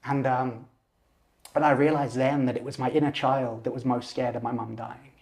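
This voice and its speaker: A man in his forties, a lucid dreaming teacher and podcast guest, telling a personal story in an animated way. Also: mid-range voice, moderate pace, vocal fry. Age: 40s. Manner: animated, acts out voices and gestures while telling.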